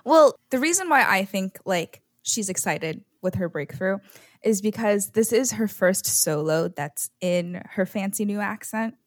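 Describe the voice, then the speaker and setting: A woman's voice: medium pitch, animated, unhurried, dry recording, studio quality. A woman guest on a casual podcast, playful and jokey, laughing easily.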